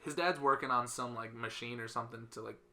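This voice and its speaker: Male podcast host, bright tone, animated storyteller. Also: fast talker. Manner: animated storyteller, acts out characters with loud high voices. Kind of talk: casual podcast chat.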